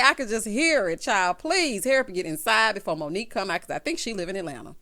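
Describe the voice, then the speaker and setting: A woman's voice: mid-range voice, animated, fast talker, hardly any pauses, bright, forceful tone. A woman vlogger giving a casual, sassy recap commentary, calling people "honey" and "child".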